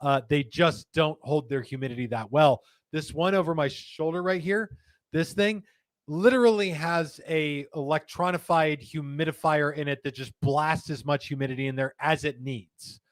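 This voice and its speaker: Here the live cigar show's male host has a slightly high voice and speaks at normal speed, chatting casually with jokes and reading out viewers' comments. It's recorded indoors in a studio room with no room sound.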